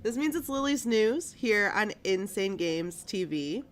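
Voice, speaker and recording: A woman's voice: medium pitch, expressive, unhurried, soft background music. A woman in her thirties hosting a casual live-streamed news show from a small studio, chatty and bubbly, with a stuffy nose. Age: 30s. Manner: chatty, bubbly, lots of fillers.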